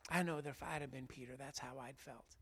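A man preaching an Easter sermon, swinging between loud, fervent emphasis and quiet, hushed passages. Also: medium pitch, fairly even intonation, brisk, husky. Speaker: pastor.

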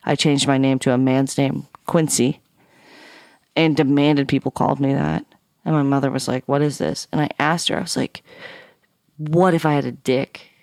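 A woman guest telling a personal story on a podcast, animated and profane, acting out the people in it. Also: very deep voice, normal speed, gravelly, dry recording, studio quality. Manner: animated, swears a lot, acts out dialogue. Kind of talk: casual storytelling.

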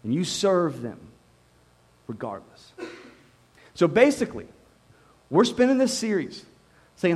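A man's voice: high voice, wildly swooping pitch, unhurried, pauses often, husky. A man preaching a sermon to a live congregation in a conversational way, repeating words and often saying "you know". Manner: speaks to a live congregation, asks them questions. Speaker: pastor. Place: church service before a congregation.

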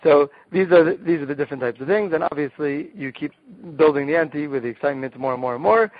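A man's voice: on the high side, fast talker, dry recording. A man, a rabbi, guest on the show, enthusiastically explaining group games step by step, often restarting his sentences. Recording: dull, dry lo-fi sound.

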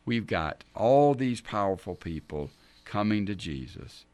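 Animated man teaching scripture, lively pitch. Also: a little slow, no room sound. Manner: animated, acts out the scripture scenes in character voices. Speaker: men's ministry teacher and show host. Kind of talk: Bible teaching.

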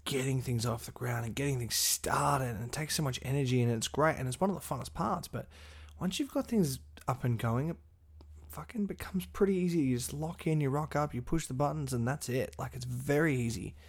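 Aussie bloke podcasting while sick, swears a lot, gets fired up, raspy gravelly voice. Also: male voice, mid-range voice, a little fast. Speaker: podcast host. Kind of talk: motivational solo podcast.

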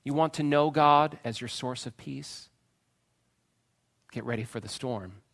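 A man preaching a sermon, retelling a story with dramatic swings from loud pleading cries to hushed, quiet phrases. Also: mid-range voice, measured pace, creaky. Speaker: pastor.

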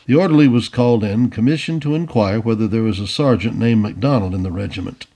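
A man narrating an old adventure story aloud in an expressive storybook reading. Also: on the low side, fast talker. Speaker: audiobook reader.

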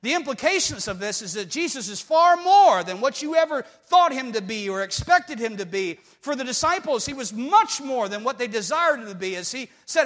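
A man preaching a sermon with emphatic delivery that swings between hushed and loud. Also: very high voice, very animated, normal speed, hardly any pauses. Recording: long hall reverb.

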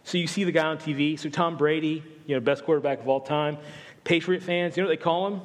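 A fairly high-voiced man from the American South preaches a light, joking sermon, chatting with his congregation and poking fun at himself. His voice carries a long reverb from the church sanctuary. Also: fast talker. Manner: joking, conversational, self-deprecating. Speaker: campus pastor. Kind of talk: humorous sermon.

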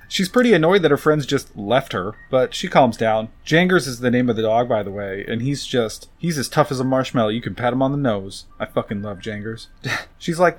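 A man giving a casual, profane movie recap, joking and rambling off on tangents. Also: mid-range voice.

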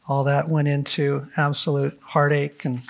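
A middle-aged man giving a heartfelt talk at a men's gathering, earnest and animated, sometimes acting out the voices of people in his stories. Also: fairly high pitch, a little slow, vocal fry. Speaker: speaker at a men's conference.

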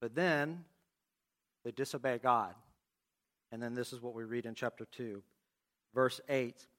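A man preaching a sermon, reading scripture aloud and asking the congregation questions in an expressive way. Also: medium pitch, a little slow. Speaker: pastor.

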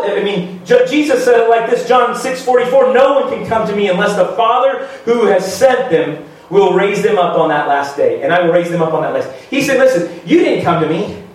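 Preaching man in a very echoey church. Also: high voice. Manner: emphatic, halting restarts, rhetorical questions. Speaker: pastor. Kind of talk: sermon. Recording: very echoey room, voice from far off.

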